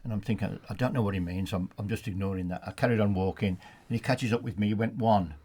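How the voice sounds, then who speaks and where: A man with a Black Country accent, a retired football referee telling funny anecdotes in a relaxed studio chat. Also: lowish voice, fast talker, slightly rough. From England. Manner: anecdotal, laughs at his own stories, many restarts. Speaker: studio guest, former referee. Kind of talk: storytelling in a casual chat.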